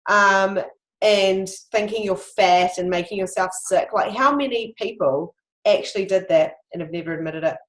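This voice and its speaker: A woman host talks openly and confidingly in a casual interview, telling personal stories at an ordinary middle pitch. Her voice carries a noticeable room echo, as if she is recording in a bare, reflective space. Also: moderate pace. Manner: open, confiding, storytelling. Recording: echoey room.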